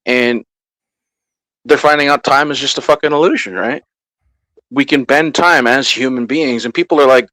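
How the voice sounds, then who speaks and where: A man's voice: mid-range voice, fairly bright tone, no room sound, poor audio. A man ranting bluntly and profanely in a heated casual panel talk.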